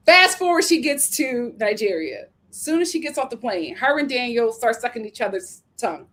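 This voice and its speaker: Woman host, sassy recap chatter, bit high-pitched, laughs through it. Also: normal speed, few pauses, slight background noise. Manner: sassy, animated, laughs often. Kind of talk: casual recap chat.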